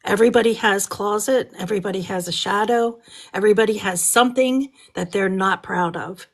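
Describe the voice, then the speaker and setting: A woman's voice: medium pitch, fairly quick. Brief: female caller, insistent, admonishing tone. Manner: firm, admonishing. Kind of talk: impassioned casual speech.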